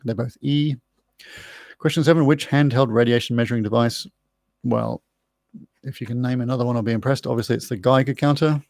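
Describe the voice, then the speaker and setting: Man, Australian accent, middle-aged, quiz host, chatty explainer, gravelly, dry close mic. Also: medium pitch, fairly even intonation, brisk, pauses often, a little mellow, no room sound. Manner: chatty, explains answers with spelled-out words and asides. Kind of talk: live-streamed trivia answers, casual chat.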